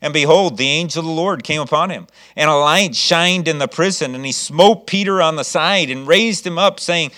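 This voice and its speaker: A man delivers a sermon from the pulpit, telling a scripture story with animated energy. His voice sits a little high, and he swings from loud calls down to quiet, earnest appeals. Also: moderate pace, hardly any pauses. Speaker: pastor.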